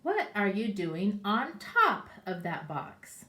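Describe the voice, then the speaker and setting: A woman reading the lines of a puzzled parent who questions a child in a storybook, slow and asking. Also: mid-range voice, wildly swooping pitch, sharp tone, roomy sound, full character voice.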